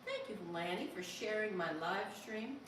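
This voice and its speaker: A woman hosts a casual live stream, playfully chatting and reacting to viewer comments as she reads them aloud. Her medium-pitched, slightly bright voice has lively intonation at a moderate pace, with slight background noise. The room is echoey, the mic distant, with faint ambience.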